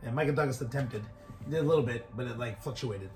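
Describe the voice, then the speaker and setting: A man's voice: medium pitch, fast. A young man from Canada talks loosely as a podcast co-host, laughing between thoughts and swearing freely. His voice sits in an echoey room with faint music under it. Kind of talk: casual chat.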